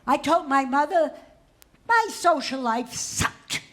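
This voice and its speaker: Slow, wry woman in her nineties. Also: high-pitched, animated. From Boston, US. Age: 90s. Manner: slow, deliberate, wry delivery. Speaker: comedian. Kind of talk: comic cabaret storytelling. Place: live stage at a cabaret venue.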